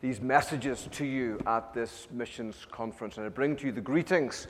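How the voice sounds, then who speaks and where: A man from Ireland with an Irish accent, preaching a sermon as a pastor. He talks quickly and runs on, then slows for solemn prayer. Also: medium pitch, long reverb tail, slight background noise. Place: church sanctuary.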